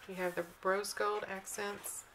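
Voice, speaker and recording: A woman's voice: mid-range voice, little pitch movement, unhurried, a bit bright, a little hiss or hum, rough recording. A woman vlogging a casual walkthrough of planner sticker books, reading the slogans aloud in a chatty, admiring way.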